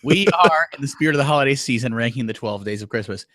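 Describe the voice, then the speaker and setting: A man's voice: mid-range voice, expressive, fast, fairly bright tone, dry recording. A man co-hosting a casual podcast, rambling and self-deprecating with lots of fillers. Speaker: podcast co-host.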